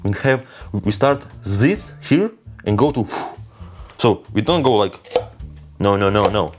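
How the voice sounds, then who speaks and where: Playful chef with lively, lowish voice. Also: male voice, unhurried, faint music behind. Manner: playful, boastful, non-native phrasing. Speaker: cooking vlogger. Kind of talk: casual kitchen demo.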